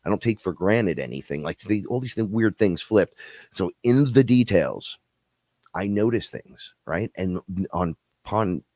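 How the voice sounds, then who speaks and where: A middle-aged man co-hosting a live stream, telling rambling stories with plenty of swearing. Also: no echo. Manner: rambling storyteller, swears freely, acts out other people in high voices. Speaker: podcast co-host. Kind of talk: casual live-stream chat.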